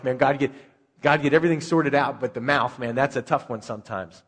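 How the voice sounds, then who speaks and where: A pastor preaches a sermon in a reverberant hall, taking a conversational approach and posing rhetorical questions. He has a mid-range voice and speaks at normal speed.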